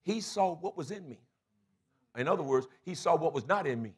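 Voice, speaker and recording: Pastor, man, 60s, husky and a bit high, sermon with repetition and loud emphasis. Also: expressive, brisk. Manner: storytelling preacher, repeats phrases for emphasis.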